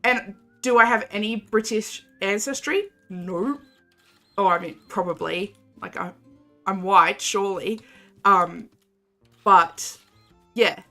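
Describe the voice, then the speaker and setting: A woman's voice: medium pitch, measured pace, pauses often, sharp tone. A woman chatting casually with her viewers while playing a game, rambling and giggly. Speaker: game streamer. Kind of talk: casual live-stream chat while playing. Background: faint game music.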